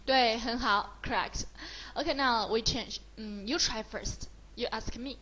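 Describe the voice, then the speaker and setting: Female Mandarin tutor, Chinese accent, higher voice, patient and encouraging, switches between English and Mandarin. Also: unhurried, pushed and bright, rough recording. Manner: mixes English with Mandarin, praises often. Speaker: Mandarin teacher. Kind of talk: slow, encouraging beginner lesson.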